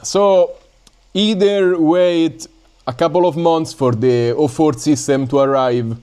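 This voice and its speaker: A man from Italy with an Italian accent, chatting casually and haltingly on a live stream while building drones, with many fillers and stops. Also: a little high, fairly even intonation, darkish tone, smooth. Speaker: drone hobby livestreamer.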